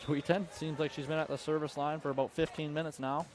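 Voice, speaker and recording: A young man giving brisk play-by-play commentary on a high school volleyball match, sometimes correcting himself mid-sentence. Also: level tone, darkish tone. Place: school gymnasium. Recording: faint gym noise behind.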